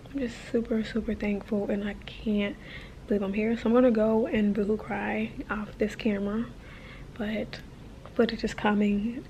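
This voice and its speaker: Woman, 30, travel vlogger; warm, mellow voice, gushing and emotional, filler-heavy, faint noise behind. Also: medium pitch, dull audio. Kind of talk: casual vlog talk to camera.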